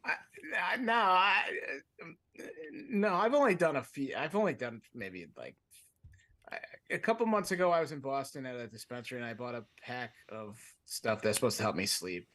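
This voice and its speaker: A man's voice: medium pitch, expressive, normal speed, pushed and bright. A man on a comedy podcast telling a long story in a casual, rambling way, often breaking off and laughing mid-sentence. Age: adult, with a fiance. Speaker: podcast co-host.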